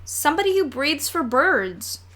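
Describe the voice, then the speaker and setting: A woman's voice: high voice, big pitch swings, unhurried, a bit bright, pitched above the performer's own voice, full character voice. A woman reading as a cheeky little boy. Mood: playful. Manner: playful, teasing.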